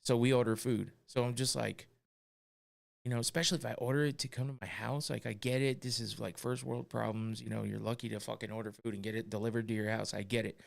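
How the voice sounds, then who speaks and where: Man, casual podcast talk, exasperated, profane, mid-pitched voice. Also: steady tone, quick pace, vocal fry. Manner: profane, exasperated ranting with frequent laughs. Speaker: podcast host.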